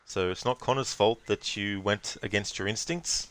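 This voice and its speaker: A man's voice: on the low side, normal speed, a bit bright. A man streaming a video game, chatting in a rambling way and laughing easily. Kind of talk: casual gameplay commentary.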